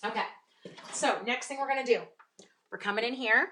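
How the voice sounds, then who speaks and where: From her home craft room, a Canadian woman runs a live card-making demo, bubbly, chatty and casual as she greets viewers. Her voice is a little high and a little fast, with background noise present.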